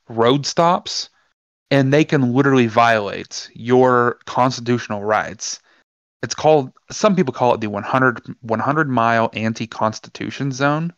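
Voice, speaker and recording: A man co-hosts a casual podcast at a middling pitch, telling stories with energy and playing out each side of a conversation. The sound is dull and lo-fi, with a dry, close feel and no room around it. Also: dry recording. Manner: animated storyteller, acts out quoted exchanges. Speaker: podcast co-host.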